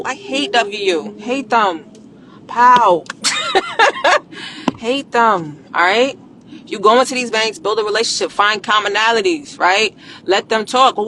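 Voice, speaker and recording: A woman talking casually on a live stream, coaching viewers on business and credit in a blunt, animated, slangy way and swearing freely. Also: fairly high pitch, normal speed, a little hiss or hum.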